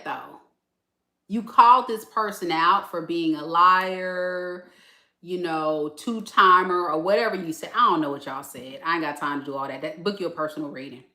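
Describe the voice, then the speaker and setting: A woman's voice: on the low side, bright, forceful tone, reverberant. A tired woman tarot reader, chatting casually and laughing in sassy slang during a live reading.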